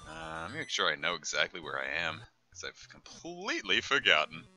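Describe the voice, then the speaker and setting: Sharp-voiced, rambling joking male streamer. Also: low-pitched, huge pitch swings, fairly quick, faint music behind. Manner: joking, rambling asides with many fillers. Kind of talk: casual gameplay commentary.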